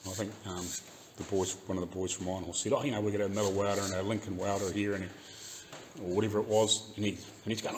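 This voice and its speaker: A man's voice: on the low side, fairly even intonation, fast talker, slight background noise. A man with a New Zealand accent ranting casually in his garage workshop, swearing freely and laughing often. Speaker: car restoration YouTuber. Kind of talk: casual rant while working in garage.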